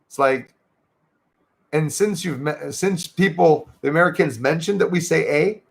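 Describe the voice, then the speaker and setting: A man from Quebec with a Québécois French accent and a gravelly voice, talking loosely to his livestream viewers. He reads out comments, thanks people by name and fills pauses with plenty of ums. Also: a little high. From Quebec, Canada. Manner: chatty, thanks viewers by name, lots of fillers. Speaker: livestream host. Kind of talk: casual livestream chat reading comments.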